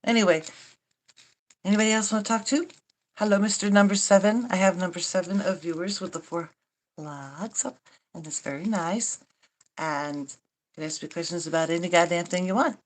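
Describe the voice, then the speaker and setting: Rambling older woman, low wry voice. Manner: rambling, wry and self-mocking, swears casually. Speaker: livestream host. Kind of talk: casual livestream chat.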